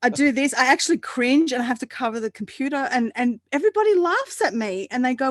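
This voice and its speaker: A woman guest in a casual roundtable chat, animated and quick to laugh, often restarting her sentences. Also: sits high, no room sound, clean studio sound.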